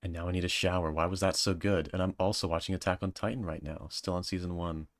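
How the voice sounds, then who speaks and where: Male streamer, deep voice, joking and self-mocking, dry close sound. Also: fairly even intonation, fast talker, no room sound. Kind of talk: casual chat, reading viewer comments.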